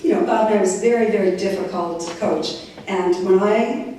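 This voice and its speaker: A woman in her sixties giving a lively, anecdotal talk to high school students, acting out the people in her stories. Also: moderate pace, slight background noise. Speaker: guest speaker. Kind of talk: storytelling speech to students. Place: large echoey high school hall. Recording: echoey hall, distant mic.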